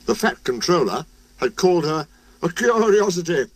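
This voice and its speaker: A man reading a children's storybook aloud in a plain, steady way. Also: on the high side, normal speed. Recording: music playing behind.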